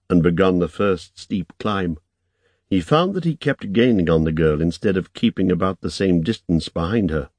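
A man narrating an audiobook in a measured, even storytelling manner. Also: low-pitched, no echo.

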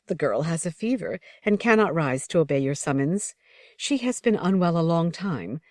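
A woman reading a soft-voiced young dancer. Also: deep voice, lively intonation, moderate pace, no echo, studio quality. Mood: pleading.

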